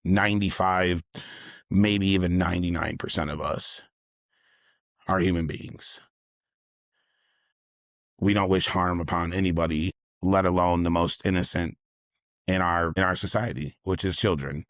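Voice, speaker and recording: Deep, flat-voiced man telling a story. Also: unhurried, long pauses, no room sound, studio quality. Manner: rambling and earnest, circles back and repeats himself. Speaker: delivery driver. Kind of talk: casual personal storytelling.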